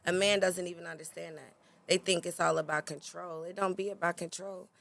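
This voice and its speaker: Woman guest on a podcast, kinda low voice, blunt and cussing, makes her point hard. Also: fairly even intonation, fairly quick, creaky, a bit bright. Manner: blunt, emphatic, swears freely. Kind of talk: casual podcast chat.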